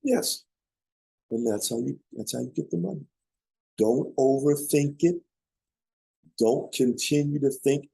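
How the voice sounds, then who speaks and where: A man's voice: mid-range voice, creaky, warm tone, husky, dry recording, poor audio. A man coaching on business funding, telling a story emphatically, repeating key points and checking in with listeners. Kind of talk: motivational storytelling talk.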